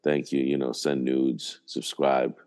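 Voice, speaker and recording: A man's voice: rumbling low, little pitch movement, takes it slowly, a little mellow. A man co-hosting a podcast in casual chat, laid-back and jokey. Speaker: podcast co-host.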